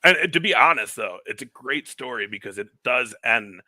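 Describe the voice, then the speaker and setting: A man's voice: mid-range voice, animated, normal speed, sharp tone, dry recording, clean studio sound. A man co-hosting a podcast, chatting casually and telling rambling stories with heavy swearing. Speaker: podcast co-host. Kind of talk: casual chat.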